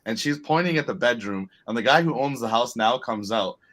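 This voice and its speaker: A man with a mid-range voice lays out his reasoning on a sports betting podcast. His delivery is measured and explanatory, and he drifts easily into telling stories. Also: mid-range voice, expressive, a bit bright. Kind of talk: casual chat.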